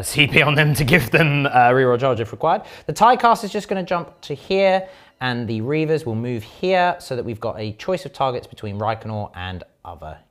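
A man playing a tabletop wargame and talking through his turn in casual, playful commentary, with sudden sing-song exclamations. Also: medium pitch. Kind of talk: casual battle report commentary.

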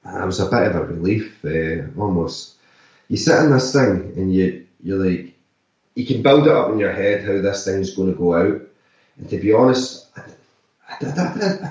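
An actor and musician talking loosely in an interview, full of "like" and "sort of" fillers. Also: male voice, fairly low pitch, darkish tone. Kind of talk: casual interview talk. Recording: echoey, distant, slightly dull remote audio.

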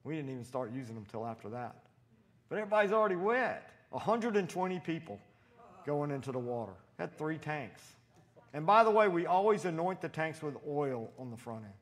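A man preaching a sermon in a church, animated and storytelling, acting out voices as he quotes people. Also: fairly high pitch, a little fast. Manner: animated, acts out quotes with loud shouted voices.

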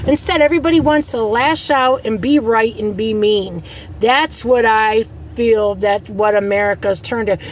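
A woman's voice: a little high, slight background noise, poor audio. A woman vlogging casually, blunt and fired up, swearing as she rants about being treated badly. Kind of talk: casual ranting vlog.

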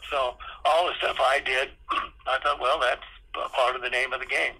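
A retired theme park designer in his eighties, guesting on a podcast interview, candidly spins salty anecdotes and acts out old conversations. His mid-range voice is steady, pushed and bright at normal speed, over a low-quality recording.

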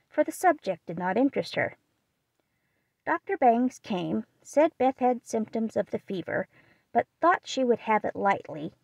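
A woman narrating a classic novel as an audiobook in a steady, measured reading. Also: mid-range voice, gravelly, dry recording. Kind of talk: scripted narration.

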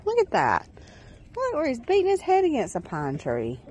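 A woman's voice: sits high, wildly swooping pitch, normal speed, darkish tone, husky. A woman filming her farm animals outdoors on a phone, talking to them in affectionate baby talk and chatting to viewers. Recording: faint outdoor background noise. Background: chickens clucking and roosters.

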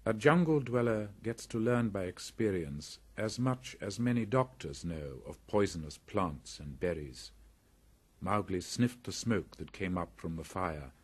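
A man reading a classic story aloud as an audiobook narrator, in slow, deliberate storytelling. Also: sits low, lively intonation, husky.

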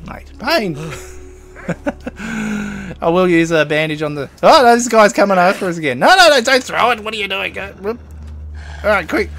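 A man talks his way through a survival game in a fairly high-pitched voice. He chats casually, chuckles often, and gets flustered when danger hits. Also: fairly bright tone, slight background noise. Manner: chatty, chuckling, flustered under pressure. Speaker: gaming channel host. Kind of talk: let's play commentary.

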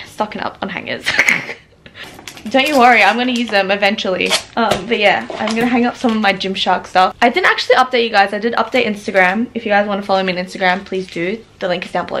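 A young woman in her twenties chats to a handheld camera at home in a casual vlog. She is excitable and laughs easily. Her voice sits at an ordinary middle pitch. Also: quick pace, noisy background. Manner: chatty, excitable, laughs often. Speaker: vlogger. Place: at home, indoors.

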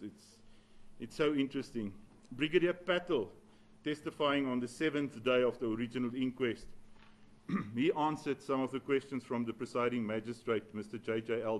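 Man, advocate, formal courtroom address, measured, deferential, middle pitch. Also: low-quality recording. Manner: measured, deferential, keeps saying "my lord", some hesitations.

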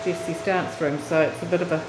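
A woman's voice: on the low side, normal speed. A woman casually narrating a tour of her family home, filmed on a handheld camcorder. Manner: chatty, relaxed, laughs softly between remarks. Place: inside a family house. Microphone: handheld camcorder mic. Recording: noisy home camcorder audio.

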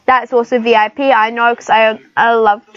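Hosting a gaming channel, this woman talks through a computer game in casual screen-recorded commentary, chatting and giggling. Her voice is on the high side with a flat delivery at moderate pace, and the audio is dull with no echo.

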